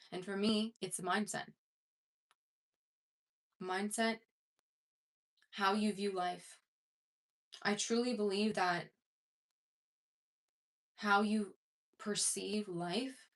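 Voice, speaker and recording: A woman self-improvement coach talking casually to her viewers, conversational and rambling, with many fillers and restarts. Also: medium pitch. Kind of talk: casual talk to camera.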